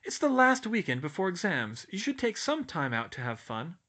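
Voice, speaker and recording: A man voicing a bubbly, pushy schoolgirl who teases in a raised, bright voice. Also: sits high, huge pitch swings, normal speed, voice pushed up, full character voice. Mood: teasing. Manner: teasing and pushy.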